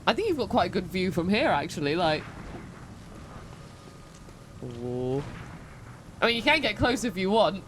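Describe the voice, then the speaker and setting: A woman co-hosting a stream, giving excitable sports-style play-by-play of a game fight. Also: lowish voice, a little slow, pauses often, a little hiss or hum. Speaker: stream co-host and commentator. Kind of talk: live game commentary.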